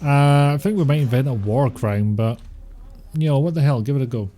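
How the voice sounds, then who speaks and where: A man's voice: medium pitch, a little fast, dark tone. A man streaming a video game, rambling and joking with chat and swearing often. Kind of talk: casual gameplay commentary.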